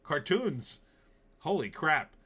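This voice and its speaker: A man's voice: fairly high pitch, sing-song, slow, bright, forceful tone, husky. A male host doing casual commentary in a sarcastic, rambling way. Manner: sarcastic, rambling, with frequent fillers. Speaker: show host. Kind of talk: casual political and movie commentary.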